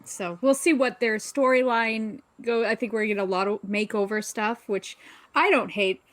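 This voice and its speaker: Chatty woman podcast co-host, higher voice. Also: steady tone, moderate pace, no echo. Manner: chatty, laughs often, trails off mid-sentence. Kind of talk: casual chat.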